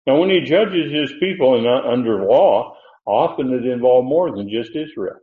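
A man's voice: medium pitch, lively intonation, moderate pace. Man teaching scripture in an echoey church. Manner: conversational, thinking aloud with many fillers and restarts. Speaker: Bible teacher. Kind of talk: verse-by-verse Bible teaching. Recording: echoey room, phone-like narrow sound.

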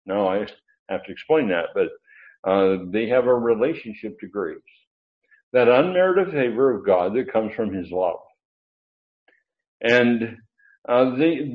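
A man teaching Bible grammar in a lecture, rambling with fillers and restarts, then pressing hard on his key points. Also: medium pitch. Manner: digressive, with many fillers and restarts. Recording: dull, lo-fi sound.

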